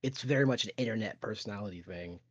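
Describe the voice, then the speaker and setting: A young man co-hosting a podcast, telling animated stories in casual chat and swearing freely. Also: lowish voice, quick pace, breathy edge, no echo. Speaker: podcast co-host. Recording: dull, lo-fi, dry sound.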